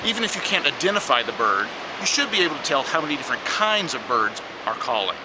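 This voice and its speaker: A man's voice: medium pitch, sing-song, fast talker, background noise. A man teaching children a science lesson, explaining step by step and imitating bird calls.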